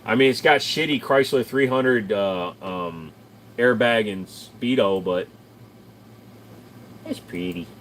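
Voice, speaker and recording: A man's voice: lowish voice, slow pace, pauses often, a bit bright, a little hiss or hum. A man streaming live, chatting casually and rambling as he answers viewers, swearing freely. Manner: rambling, profane, answers chat. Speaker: streamer reading chat.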